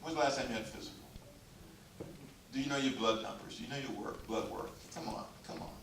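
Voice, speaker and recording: A pastor preaching a humorous, exhorting sermon in a church sanctuary and drawing the congregation into call and response. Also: male voice, fairly low pitch, fast talker, vocal fry, fairly bright tone, slight background noise. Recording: echoey church hall, mic far off.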